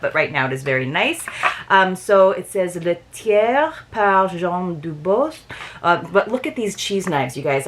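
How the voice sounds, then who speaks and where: A woman's voice: sits low, fairly bright tone. Chatty woman unboxing at her desk. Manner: chatty, admiring, thinks aloud while handling items. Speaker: subscription box reviewer. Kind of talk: casual unboxing chat to viewers. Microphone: desk setup.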